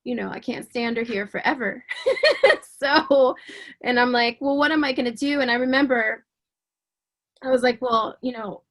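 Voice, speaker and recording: A woman guest in an interview giving a personal faith testimony. She speaks with emotion and earnestness, often halting, repeating words and restarting her sentences. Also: on the high side, big pitch swings, fairly bright tone. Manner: fervent and earnest.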